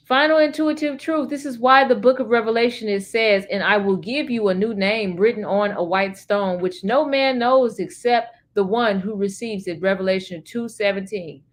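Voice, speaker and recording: A woman streaming solo, reading chatbot answers aloud in an earnest, emphatic way and adding her own remarks, with hesitant fillers between passages. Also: fairly high pitch.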